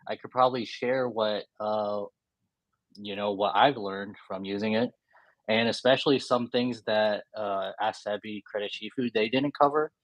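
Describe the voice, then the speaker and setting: A man's voice: lowish voice, steady tone, moderate pace, no room sound. A young man in his twenties telling stories casually as an interview guest over a video call, laid-back, often quoting himself. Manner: laid-back, frequent uh fillers, quotes himself. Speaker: guest, credit card YouTuber. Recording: dull lo-fi video call audio.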